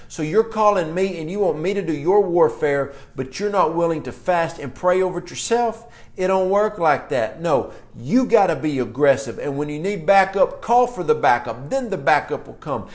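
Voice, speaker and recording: A middle-aged man preaching a sermon in a forceful, folksy country manner, telling stories from his ministry. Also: fairly high pitch, lively intonation, normal speed, few pauses. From rural American. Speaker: apostle and preacher.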